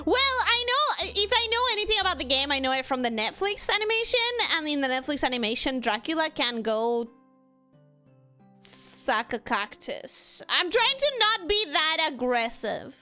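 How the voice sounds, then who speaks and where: A young woman streaming a game, chatting casually and reading chat, animated and quick to squeal and laugh. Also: high voice, faint music behind. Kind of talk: casual gameplay commentary.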